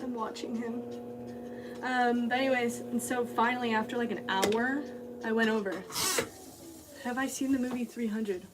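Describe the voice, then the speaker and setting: An American woman potter chats casually and rambles to her livestream viewers as she works in her studio. Her voice is a little high, her pace normal, and she pauses often. She sounds a bit distant, with a steady hum in the background.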